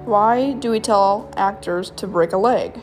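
A woman's voice: mid-range voice, unhurried. Woman, casual podcast host, reads jokes, giggly, trips over punchlines, faint music underneath. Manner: giggly, stumbles over punchlines, self-commenting. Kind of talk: casual solo podcast, reading jokes aloud.

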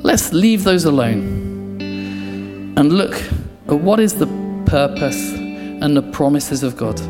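A man preaching a passionate sermon in church, repeating key phrases and dropping to quiet intensity. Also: a little high, big pitch swings, takes it slowly. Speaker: pastor. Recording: echoey church hall, soft guitar behind.

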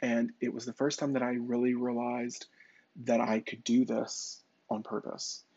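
Gravelly husky man telling a story. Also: mid-range voice, completely flat delivery, a little slow, a little mellow, no room sound, muffled recording. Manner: conversational, with fillers and restarts. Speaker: psychic medium. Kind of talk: personal storytelling.

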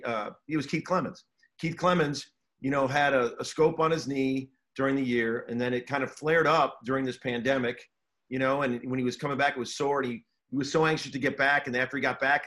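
A man's voice: medium pitch, fairly bright tone. A middle-aged man, a basketball coach, talking casually in an interview with earnest restarts and repeated words.

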